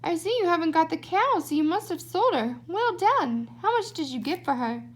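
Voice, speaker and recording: Woman reading as a high-voiced widowed mother, scolding. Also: expressive, moderate pace. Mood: eager. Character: poor widowed mother, quick to anger.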